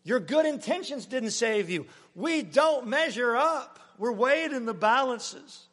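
A high-pitched man delivers a sermon from the pulpit of a church. He swings between loud, pressing emphasis and soft, hushed lines that fall almost to a whisper. His voice rings with a long hall reverb. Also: expressive, measured pace. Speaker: pastor.

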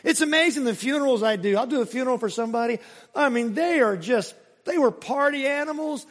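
A male pastor preaching a sermon, emphatic, swinging between raised exclamations and hushed asides. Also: very high-pitched, brisk, long reverb tail. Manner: emphatic preaching with sudden rises and hushed drops.

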